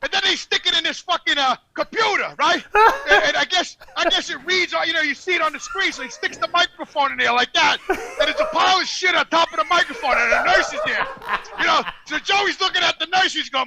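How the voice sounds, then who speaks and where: A man's voice: very high voice, fairly quick, a crowd in the background. An older man telling long, rambling, profane stories in casual podcast chat. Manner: loud, profane, rambling anecdotes. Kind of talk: casual storytelling.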